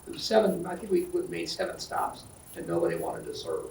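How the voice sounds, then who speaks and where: An older man and retiring county supervisor giving rambling, halting farewell remarks with many fillers at a board meeting. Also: fairly high pitch, huge pitch swings, darkish tone, a little hiss or hum. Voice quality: gravelly. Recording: roomy, distant meeting-hall mic.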